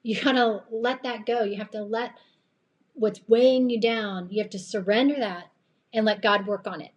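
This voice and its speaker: A woman's voice: fairly high pitch, fairly even intonation, normal speed, highs cut off. A woman with a slightly tired voice giving an earnest, chatty faith-based motivational talk on a live stream, rambling and laughing often. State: voice a bit tired late at night. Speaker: live-stream host and coach.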